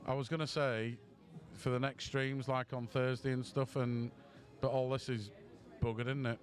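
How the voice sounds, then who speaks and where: A man's voice: medium pitch, flat delivery, normal speed, faint music behind. A man, tipsy, giving rambling, self-mocking commentary on a pool match stream.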